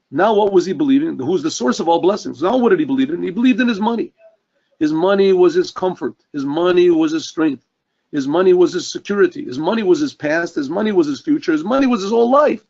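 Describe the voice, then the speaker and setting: Husky-voiced rabbi telling a story. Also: male voice, high voice, fast talker. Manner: earnest, animated storytelling with throat clearing. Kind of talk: storytelling sermon. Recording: dull lo-fi recording.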